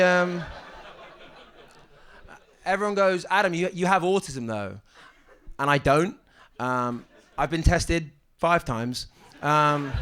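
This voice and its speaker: Halting, deadpan young man doing stand-up. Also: on the high side. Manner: deadpan, halting, with frequent ums and restarts. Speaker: stand-up comedian. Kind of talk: stand-up comedy set. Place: comedy club stage.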